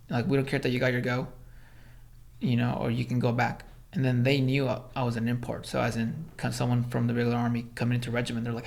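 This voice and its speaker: A man from Los Angeles, a former Army Ranger, telling stories as a podcast guest, animated, swearing, acting out quotes. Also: mid-range voice, vocal fry. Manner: animated storyteller, acts out quotes, swears, many fillers. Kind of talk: casual storytelling in interview.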